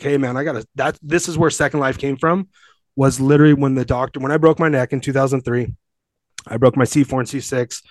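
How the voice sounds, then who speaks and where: A man's voice: mid-range voice, no echo. Profane, fired-up man telling stories. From Southern California. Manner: profane, emphatic, rambling with restarts. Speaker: podcast guest, gym owner. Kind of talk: casual storytelling.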